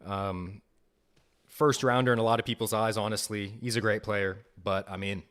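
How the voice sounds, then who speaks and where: A young man hosting a live fan podcast, reacting to picks with excited, repetitive enthusiasm. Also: fairly low pitch, moderate pace. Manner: excited, enthusiastic, repeats himself. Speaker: podcast host.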